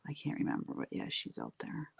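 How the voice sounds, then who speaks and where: A middle-aged woman, chatting with viewers while she paints on a livestream, rambling and laughing often. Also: brisk. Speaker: livestream craft host.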